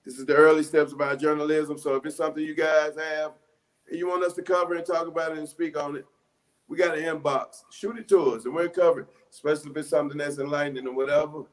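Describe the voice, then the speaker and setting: A man co-hosts a casual talk show, joking around and bantering in loose slang. His speaking voice sits somewhat high for a man. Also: level tone, quick pace. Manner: jokey, playful banter with slang. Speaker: show co-host. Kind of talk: casual show sign-off chat.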